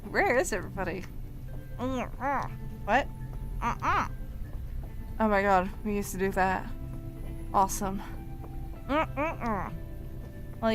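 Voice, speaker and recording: Woman game streamer, slightly high voice, unhurried delivery, frequent laughter and swearing, faint game music underneath. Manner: laughs often and swears in bursts of frustration. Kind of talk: let's play commentary.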